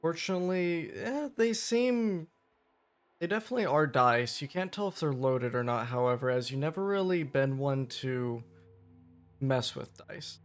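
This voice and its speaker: A man's voice: on the high side, normal speed, clear, resonant tone. A man running a tabletop game as game master, narrating casually with fillers.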